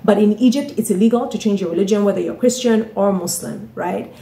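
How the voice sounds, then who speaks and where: A woman's voice: mid-range voice, brisk, gravelly, warm tone. A woman telling a story in a casual vlog, chatty, often asking "right?" and "you know". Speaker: author and vlogger. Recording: roomy echoey room.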